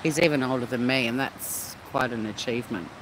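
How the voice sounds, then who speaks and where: A man's voice: mid-range voice, fairly quick. An Australian man hosting a casual live stream at the beach, talking to his chat in a blunt, chatty way that is full of swearing. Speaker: livestream host reading chat. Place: outdoors at a beach. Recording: noisy outdoor street sound.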